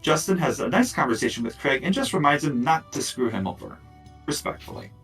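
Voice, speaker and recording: A man runs a tabletop game as dungeon master, recapping and describing scenes in a loose, chatty way full of fillers. His voice has a gravelly texture. He sounds a little distant from the mic, with faint music underneath. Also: medium pitch, fairly quick. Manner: casual, relaxed, lots of fillers and asides.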